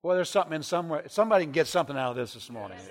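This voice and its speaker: Middle-aged male preacher, slightly high voice, sermon storytelling, drops quiet then shouts. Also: very fast. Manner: animated, swings from hushed to shouting. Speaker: traveling preacher.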